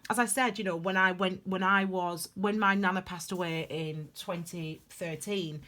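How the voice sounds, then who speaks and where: Woman, tarot reader, low-pitched, rambling and confessional, casual monologue. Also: fairly even intonation, moderate pace, sharp tone.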